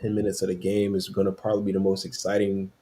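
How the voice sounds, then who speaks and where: A man's voice: low-pitched, completely flat delivery, quick pace, dark tone. A man co-hosting a sports podcast, teasing and talking playful smack about a rivalry. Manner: playful trash talk. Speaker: podcast co-host. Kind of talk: casual sports chat.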